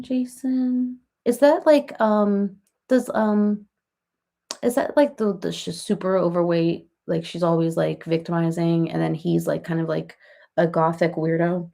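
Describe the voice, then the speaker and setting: A woman's voice: mid-range voice, vocal fry, darkish tone. A middle-aged woman hosting a casual livestream, chatting with viewers in a rambling way full of fillers and restarts. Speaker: livestream host.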